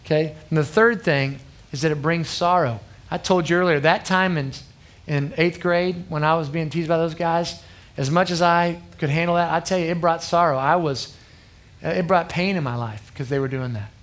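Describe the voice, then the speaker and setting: A man in his thirties gives a sermon to a youth group, his voice sitting a little high. He speaks earnestly and conversationally, often pausing to check in with the crowd. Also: fairly bright tone. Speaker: youth pastor.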